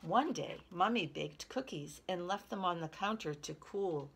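A woman reading a children's picture book aloud in a lively, expressive way. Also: fairly low pitch, unhurried, gravelly, noisy background. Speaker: storyteller.

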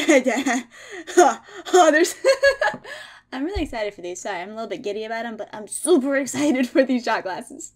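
A woman, chatting excitedly and giggling as she unboxes items in a casual vlog. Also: high-pitched. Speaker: gaming content creator.

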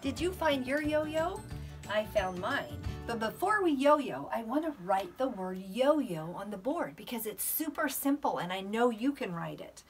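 A woman kindergarten teacher giving a recorded video class for young children, speaking gently and sometimes dropping to a whisper. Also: on the high side, sing-song, distant mic, soft background music. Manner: gentle, slow, dips into whispers.

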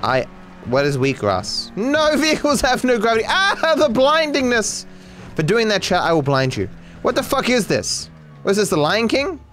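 An Australian man riffs through live gameplay commentary, sarcastic and quick to swear as he talks to his chat. His voice sits somewhat high and swings widely in pitch, with faint music behind him. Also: wildly swooping pitch, fairly bright tone. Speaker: streamer.

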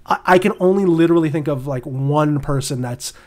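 A Canadian man co-hosting a podcast in a loose, rambling chat. His voice sits a little higher than most men's, and he laughs easily as he talks. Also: brisk, darkish tone. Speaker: podcast co-host. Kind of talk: casual chat.

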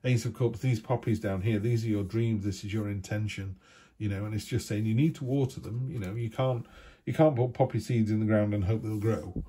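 A man gives a casual tarot reading in a husky, slightly low voice. His tone is mellow and unhurried, and he rambles chattily from card to card with little asides. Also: steady tone. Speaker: tarot reader.

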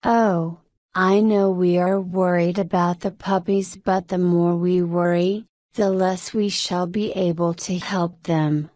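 A woman's voice: on the low side, fairly even intonation, slow pace, darkish tone, no room sound, studio quality. A woman reading the part of a brave, loving male dalmatian father, speaking steadily and encouragingly.

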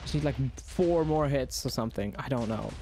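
A young man talks through a boss fight in a video game, excitable and quick to swear at the enemy. His voice sits in a middle pitch. Noisy game sounds and gunfire run underneath. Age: young adult. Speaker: gaming YouTuber. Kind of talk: live gameplay commentary.

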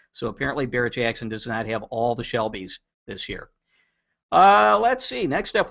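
A man's voice: mid-range voice, a bit bright. Male podcast host, easygoing and chatty, jokes around with a co-host, mid-range voice. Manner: chatty, jokey, teases co-host. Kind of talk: casual podcast chat.

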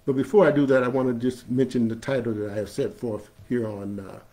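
A male imam giving a sermon, preaching emphatically, growing loud on key phrases and chanting scripture. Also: medium pitch, steady tone, brisk. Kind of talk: Friday sermon. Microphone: streamed live online.

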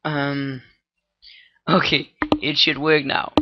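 A man thinking aloud through a casual coding tutorial, halting with many fillers and restarts, on a low-quality microphone. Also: little pitch movement, lo-fi sound, noisy background. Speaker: scripting tutorial maker. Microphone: cheap computer microphone.

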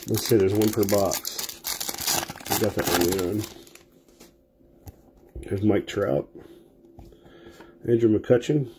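A man's voice: lowish voice, slow, long pauses, noisy background. A man casually calling out player names and card finds as he opens packs during a live sports card break.

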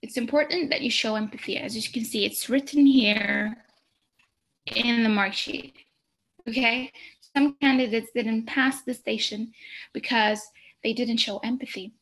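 A woman with a slightly high voice gives a recorded exam-prep lecture. She explains each point patiently, repeats herself for emphasis and keeps checking in with "okay?". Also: steady tone, measured pace, gravelly, fairly bright tone.

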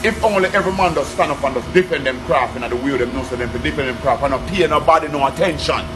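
A man's voice: mid-range voice, fast talker, noisy background. A man with a Jamaican accent speaking patois in an interview, emphatic and boastful. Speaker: dancehall artist in interview.

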